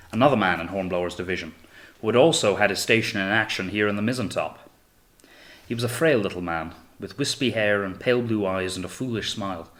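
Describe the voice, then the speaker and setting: A male narrator reading an audiobook in a steady, measured way. His voice sits on the lower side.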